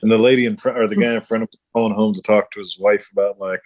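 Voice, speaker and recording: A middle-aged man, co-hosting a casual chat, blunt and swearing freely as he tells animated stories. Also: lowish voice, quick pace, few pauses, dry recording. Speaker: podcast co-host.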